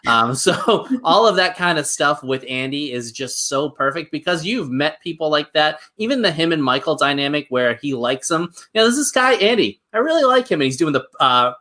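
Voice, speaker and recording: A man's voice: mid-range voice, pushed and bright. A man co-hosting a podcast, chatting enthusiastically about favorite TV episodes. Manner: enthusiastic, quick asides. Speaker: podcast co-host. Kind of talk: casual chat about a TV show.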